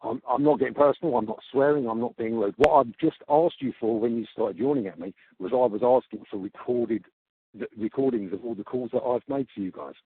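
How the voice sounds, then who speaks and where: A man's voice: mid-range voice, breathy edge. Exasperated man on a tinny phone call. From Australia. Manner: exasperated, halting, repeats himself. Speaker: customer on a complaint call. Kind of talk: heated phone complaint.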